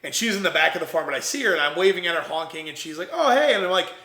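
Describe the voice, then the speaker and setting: A young man, a podcast guest, telling an animated story and acting out the voices of the people in it. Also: a little high, racing, roomy sound. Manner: energetic, acts out quoted voices.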